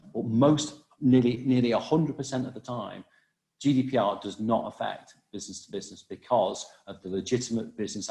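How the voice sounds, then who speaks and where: A man presenting a webinar over a video call, talking quickly with many restarts and fillers. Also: on the low side, creaky, darkish tone, roomy sound. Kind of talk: live webinar talk on cybersecurity.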